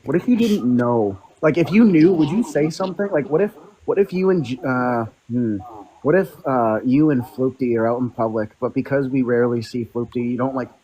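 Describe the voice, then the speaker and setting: Male livestream co-host, casual profane storyteller, middle pitch. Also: moderate pace, warm tone, rough recording. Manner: loose, profane, laughing storyteller. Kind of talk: casual group chat on a livestream.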